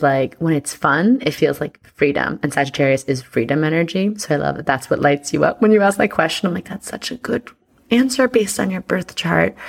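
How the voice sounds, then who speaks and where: A woman's voice: sits low, gravelly. A woman chatting casually and playfully with many fillers as an astrologer reading her business partner's chart. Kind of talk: casual chat.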